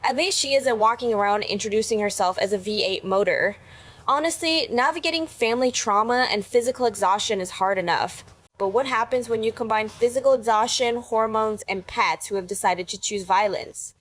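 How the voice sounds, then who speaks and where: A woman's voice: fairly high pitch, brisk, a bit bright. A woman delivering scripted reaction commentary in a wry, sarcastic manner.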